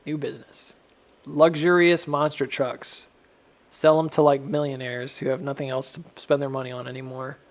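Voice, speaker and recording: A man's voice: medium pitch, level tone, normal speed. A man giving casual, rambling, self-mocking commentary while drawing lines on stock charts.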